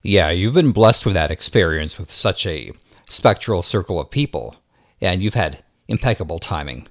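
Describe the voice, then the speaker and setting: A man podcast host with a very deep voice, mostly giving brief affirming replies. The sound is dry and dull, lo-fi. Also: animated, moderate pace, no room sound. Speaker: podcast interviewer. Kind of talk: casual interview chat.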